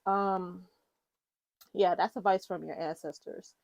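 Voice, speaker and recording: Woman tarot reader, casual and rambling, on the lower side, dry recording. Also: unhurried, a little mellow, dry recording. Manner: chatty, rambling, with fillers and self-corrections. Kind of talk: casual tarot reading to viewers.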